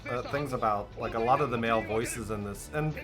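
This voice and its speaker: Calm man explaining an anime. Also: medium pitch, brisk, music in the background. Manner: calm, brief, explains plot points. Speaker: reaction co-host. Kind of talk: casual explaining commentary.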